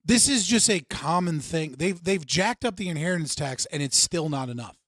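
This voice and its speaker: A man's voice: a little high, expressive, normal speed, fairly bright tone, no room sound. A man hosting a livestream, reacting to clips with heated, sarcastic, profane commentary. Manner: heated, sarcastic, swears often.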